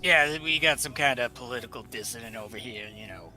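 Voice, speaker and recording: A man's voice: medium pitch, brisk, pushed and bright, soft background music. A man playing in a tabletop game, chatting in a laid-back, joking way. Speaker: player. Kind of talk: casual tabletop game chat.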